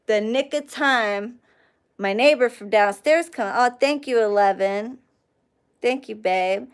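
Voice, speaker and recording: A young woman hosting a casual livestream, telling a profane, animated story and thanking chat viewers along the way. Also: a little high, smooth. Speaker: livestream host.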